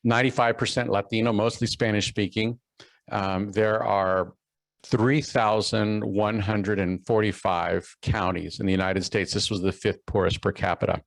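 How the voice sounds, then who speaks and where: A man's voice: on the low side, fairly even intonation, normal speed, vocal fry, dry recording, rough recording. A middle-aged man from Texas giving a keynote talk, telling a personal story with many fillers and restarts. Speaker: keynote speaker.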